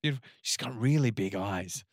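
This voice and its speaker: A man, co-hosting a casual podcast chat and telling lively stories while acting out the voices of people in them. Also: fairly low pitch, fairly quick, breathy edge, no echo, studio quality. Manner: animated storyteller, acts out quotes. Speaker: podcast co-host.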